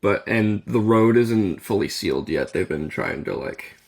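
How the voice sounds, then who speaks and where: A man with a low, gravelly voice talks through a casual podcast chat. He rambles, explaining things at length, with plenty of fillers along the way. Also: animated, a little slow, a little mellow. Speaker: podcast co-host.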